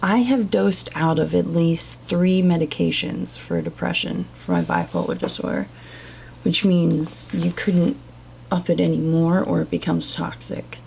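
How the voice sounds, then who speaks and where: A woman's voice: lowish voice, steady tone, a little slow, vocal fry, darkish tone, a little hiss or hum. A woman giving blunt, profane and sarcastic reaction commentary as a vlogger.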